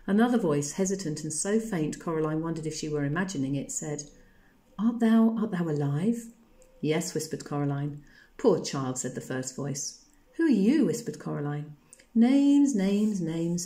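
A woman teacher reading a novel chapter aloud to a class, calm and expressive. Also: low-pitched.

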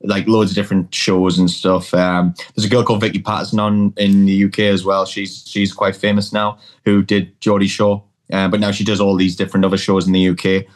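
A man's voice: low voice, flat delivery, brisk, hardly any pauses. A man from North East England, chatting casually as a podcast guest, telling stories with lots of restarts and swearing. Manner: rambling, sweary storyteller with many restarts. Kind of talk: casual chat.

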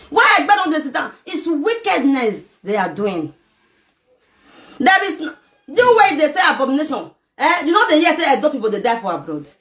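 Middle-aged Nigerian woman, Pidgin-accented, lively pitch, emphatic rant to camera, bright tone. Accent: Nigerian Pidgin English. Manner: emphatic, fires rhetorical questions, mixes local language words. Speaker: vlogger. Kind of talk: emotional direct-to-camera rant. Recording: echoey room with faint noise.

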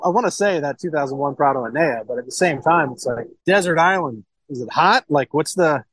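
A man's voice: fairly high pitch, animated, a little fast, a bit bright, no echo, low-quality recording. A man from Ohio, a sommelier and wine shop owner, talking casually in an interview, rambling with restarts and swearing freely. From Cincinnati, Ohio, USA.

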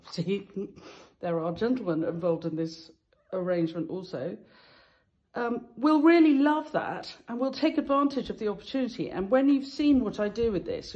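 A woman's voice: medium pitch, a little mellow. A woman flower farmer and florist talking through her wedding flowers in a chatty, self-deprecating way, laughing now and then. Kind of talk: casual how-to vlog. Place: outdoors in a summer garden.

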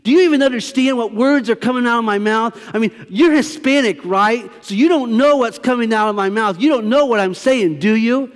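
A shrill, insistent older woman , as a man puts her on, demanding her room and refusing every offer. The voice jumps up high and loud, and long hall reverb follows each line. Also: unhurried, hardly any pauses. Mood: indignant. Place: church sanctuary.

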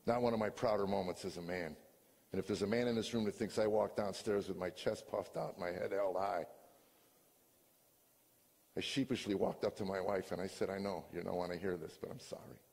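An older man, a comedian, telling a confessional story from a stage to a live audience, earnest and sometimes rising to loud exasperation. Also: lowish voice, steady tone, moderate pace, husky. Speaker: comedian giving a personal testimony. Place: stage before a live audience in a large hall. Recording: long hall reverb.

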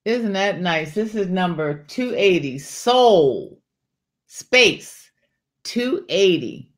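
Speaking extremely slowly in a lowish voice with lively intonation, a woman runs a casual jewelry sale on a live stream. She chats easily, calls out viewers by name, and presses them to order and come to her shows, her words carrying a folksy Southern warmth like "y'all."

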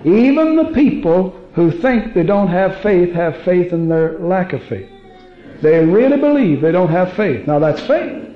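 Male preacher, high voice, dull old sermon recording, lively storyteller. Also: echoey room. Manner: animated storytelling, acting out quoted voices; hushed, slow prayer. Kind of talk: sermon with prayer. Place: church sanctuary.

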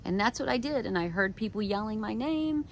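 A woman's voice: medium pitch, expressive, brisk, slight background noise. A woman vlogger telling a personal story in a casual monologue, candid and frank, swearing and quoting her own thoughts.

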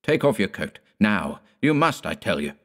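A man's voice: on the low side, sing-song, normal speed, pitched above the performer's own voice. A man voicing a grim, stern peasant father who speaks in an urgent, commanding, raised voice.

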